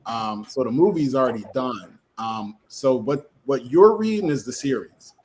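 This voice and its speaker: A man's voice: medium pitch, expressive, normal speed, a little mellow, slight background noise, poor audio. A man, a comic creator guest on a casual podcast, talking in loose slang and acting out quotes as he tells a story.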